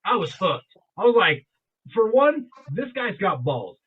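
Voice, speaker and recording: Homme à la voix aiguë et vive, accent du Sud. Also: male voice, high-pitched, big pitch swings, unhurried, slightly rough. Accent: Southern US. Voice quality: swears a lot, storytelling. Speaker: podcast co-host. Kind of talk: casual chat. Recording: tinny phone-like sound.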